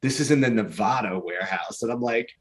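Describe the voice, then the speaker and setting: A man co-hosting a casual podcast chat, telling an animated story and acting out both sides of his phone calls. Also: medium pitch, brisk. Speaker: podcast co-host.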